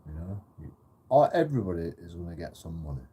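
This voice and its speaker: A man's voice: low-pitched, very animated, fast, mellow, breathy edge. A man ranting profanely to camera in a repetitive monologue vlog. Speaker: channel host.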